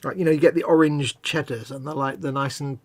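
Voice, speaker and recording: A chatty British man with a slightly raised pitch and a husky, breathy edge to his voice, stuffed up from a snotty nose. He rambles casually, now and then slipping into silly voices while he paints. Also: fairly even intonation, fairly quick. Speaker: co-host of a live miniature painting stream.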